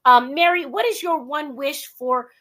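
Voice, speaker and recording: A woman from Southern California hosting a casual talk show interview, animated and laughing often, calling her guest "dear". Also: sits high, a little slow.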